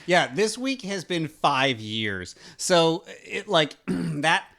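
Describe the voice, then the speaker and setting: A man's voice: fairly high pitch, very animated, takes it slowly, creaky, fairly bright tone. Wry, joking male podcast co-host. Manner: wry, joking, laughs often. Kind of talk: casual podcast banter.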